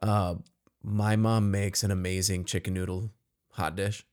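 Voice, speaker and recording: Man, lowish voice, earnest podcast co-host who tells warm stories and laughs often. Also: level tone, a little slow. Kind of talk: casual podcast chat.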